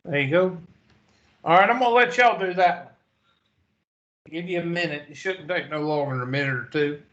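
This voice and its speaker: A man's voice: on the high side, fairly bright tone, muffled recording. A man teaching a math lesson, drowsy and yawning, methodically reading numbers and calculator steps one by one. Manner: slow, methodical, reads digits one by one. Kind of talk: calculator walkthrough lecture.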